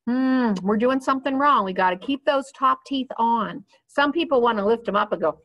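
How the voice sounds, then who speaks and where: A woman teaching a beginner's clarinet lesson in a patient, instructive way. Her voice sits a little higher than most women's. She walks through each step while handling the instrument. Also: moderate pace, a bit bright, highs cut off.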